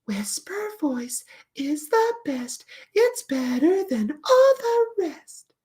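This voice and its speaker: A woman's voice: big pitch swings, takes it slowly, darkish tone, exaggerated voice. A woman doing a timid, whispery butterfly puppet. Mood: dreamy. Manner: high, airy and whispery.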